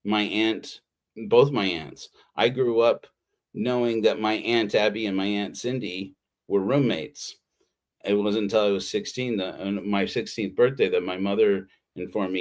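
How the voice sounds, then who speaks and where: A man's voice: low voice, normal speed. A man preaching a casual, heartfelt sermon on a livestream, rambling with frequent restarts. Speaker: pastor. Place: Utah.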